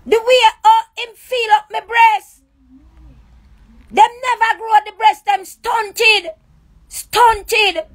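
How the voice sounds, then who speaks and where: A woman's voice: very high voice, steady tone, takes it slowly, long pauses, fairly bright tone. A woman with a Jamaican accent, ranting on a live stream in a raw, accusing, repetitive way. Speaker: livestreamer. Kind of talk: emotional live-stream rant.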